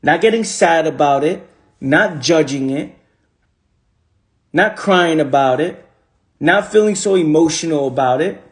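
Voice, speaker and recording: A man with a fairly high voice speaks into his phone on a livestream and gives a motivational talk. He hammers each point by repeating it, with a preachy, casual delivery full of street slang. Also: unhurried, pauses often. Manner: repetitive, emphatic, preachy.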